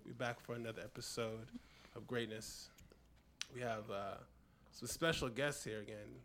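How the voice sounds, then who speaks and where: A man's voice: mid-range voice, steady tone, moderate pace, fairly bright tone, slight background noise. A man hosting a podcast in casual chat, teasing and bantering with his co-hosts. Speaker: podcast host.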